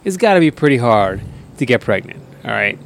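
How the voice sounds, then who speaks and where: A man's voice: medium pitch, sing-song, fairly quick, gravelly, slight background noise. A man co-hosting a casual podcast, riffing crudely and jokingly with his friend. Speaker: podcast co-host.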